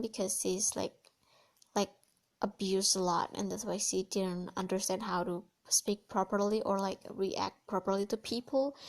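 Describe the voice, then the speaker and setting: A woman with an American accent, hosting a solo podcast in a gushing, chatty way full of fillers and restarts. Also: mid-range voice. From Indonesia. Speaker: podcast host. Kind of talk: casual solo podcast chat.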